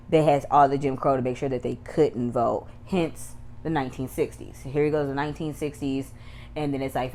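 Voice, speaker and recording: A woman with a notably low voice gives a casual recap and review of a TV episode. She rambles, circles back, and lets her commentary turn heated. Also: a little mellow, slight background noise. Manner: chatty, rambling asides, grows heated. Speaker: YouTube TV reviewer.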